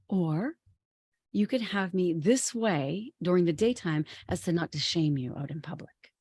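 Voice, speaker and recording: A woman voicing a gentle enchanted young woman who speaks softly and low, inside a told story. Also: slightly rough, no room sound.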